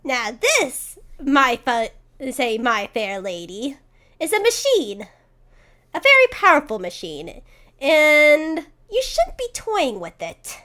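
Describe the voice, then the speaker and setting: A woman's voice: high voice, huge pitch swings, takes it slowly, sharp tone, heavily acted. A woman voicing a mysterious, mischievous old-timey male entity with a folksy, amused drawl. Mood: warning.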